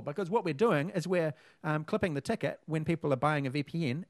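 A man's voice: fairly high pitch, expressive, brisk, few pauses, no echo. Rambling New man, dry sound. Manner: rambling, many fillers and restarts. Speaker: podcast co-host. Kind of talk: casual chat.

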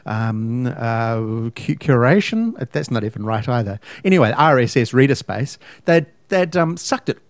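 With hardly any pauses, a man co-hosting a podcast rants in casual chat, emphatic and fussy about what words mean. His mid-range voice has lively intonation and an unhurried pace, with no room sound.

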